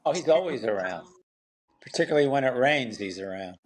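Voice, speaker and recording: A man's voice: mid-range voice, animated, fairly quick. A middle-aged man, a guest in a casual chat, speaking bluntly with a joking edge and short replies.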